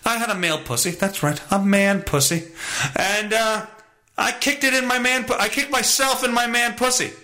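High, bright-voiced profane podcast host. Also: male voice, normal speed. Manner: profane, rambling, self-mocking. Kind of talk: casual solo podcast monologue.

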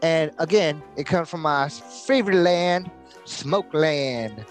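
Animated joking man co-hosting. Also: fairly high pitch, takes it slowly, faint music behind. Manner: crude joking, laughs often, animated. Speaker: podcast co-host. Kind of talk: casual stoner banter.

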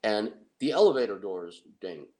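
A middle-aged man telling an anecdote in a casual, excitable way, with restarts. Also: on the low side, normal speed, low-quality recording. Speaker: guest storyteller. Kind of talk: casual anecdote on a talk show.

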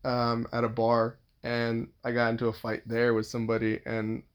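A man's voice: medium pitch, monotone, moderate pace, smooth, muffled recording. A man telling a rambling personal story in a casual monologue, swearing freely and restarting his sentences.

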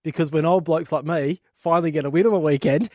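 A blokey Australian man in his forties, co-hosting a podcast and telling animated stories. His voice sits a bit high, recorded close and dry with no room sound. He talks in loose, casual banter. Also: fast, no room sound. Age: 40s. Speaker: podcast co-host.

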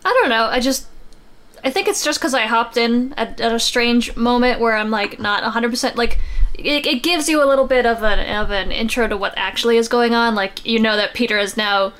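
A woman's voice: fairly high pitch, a little fast, a bit bright, clean tone. A woman guest on a casual comics podcast, chatty and rambling with lots of fillers. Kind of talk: casual chat about comics.

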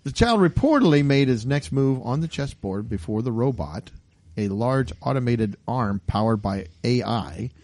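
Gravelly joking podcast host. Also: male voice, medium pitch, very animated, moderate pace, darkish tone, no echo. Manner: joking, laughs often. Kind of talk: casual chat.

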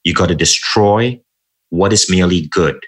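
A man with a fairly low voice is a guest on an interview show. He tells motivational stories from his life in an animated, emphatic way, leaning hard on his key points. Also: moderate pace. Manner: animated, emphatic anecdote telling. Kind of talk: motivational storytelling.

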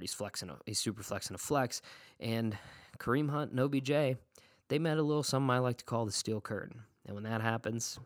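A man hosting a casual recap of his league's matchups. He talks in an animated, sarcastic way and swears often. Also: mid-range voice, no echo, studio quality. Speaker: fantasy league podcast host. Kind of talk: casual profane recap rant.

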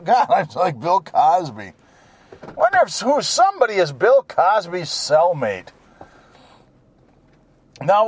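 A man rambling from the driver's seat, jumping from one joke to the next. His voice sits high and bends up and down a lot, while his pace stays slow and unhurried. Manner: jokey, digressive, with many fillers. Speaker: solo talker. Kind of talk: rambling casual monologue. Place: inside a car while driving.

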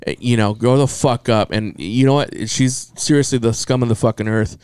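A man's voice: mid-range voice, steady tone, moderate pace, darkish tone, clear, resonant tone, no room sound. A man in casual podcast chat, talking bluntly with constant swearing and ranting.

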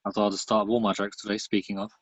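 A man co-hosting a comedy podcast, telling jokes in a deadpan way. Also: lowish voice, rapid-fire, slightly rough, dry recording, rough recording. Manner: deadpan comic delivery. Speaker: podcast co-host. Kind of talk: jokey banter.

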